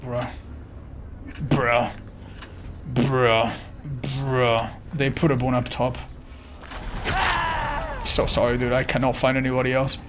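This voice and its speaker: A man's voice: medium pitch, completely flat delivery, normal speed, pauses often. Cursing young man streaming a game. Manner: swears often, frustrated outbursts. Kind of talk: live gameplay commentary. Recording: noisy stream with game sound.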